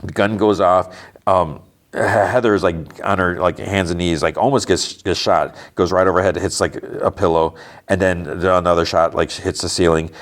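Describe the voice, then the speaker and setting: A man's voice: low voice, steady tone. A man hosting a podcast, casually retelling a TV episode scene by scene in a rambling way, full of "like" and "you know". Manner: rambling, filler-heavy retelling with quick asides. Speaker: podcast host.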